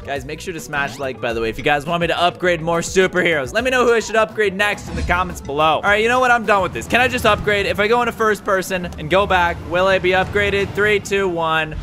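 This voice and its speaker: A young man giving energetic gameplay commentary as a YouTuber, excitable and quick to shout and laugh. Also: high-pitched. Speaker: gaming YouTuber. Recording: background music under voice.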